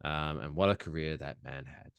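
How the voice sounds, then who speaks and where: A man's voice: rumbling low, normal speed, creaky, a bit bright, clean tone. A man co-hosting a movie review show, tossing in dry wisecracks. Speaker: co-host. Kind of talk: casual chat.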